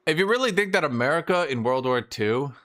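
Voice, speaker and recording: A man's voice: a little high, lively intonation, a bit bright. Profane, opinionated male streamer. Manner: mimics historical nations in quick asides. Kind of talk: casual livestream rant while gaming.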